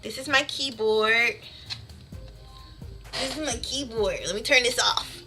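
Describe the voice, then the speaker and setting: A woman's voice: a little high, measured pace, long pauses, sharp tone, soft background music. A woman streamer chatting casually with her live audience, bubbly and chatty, laughing often.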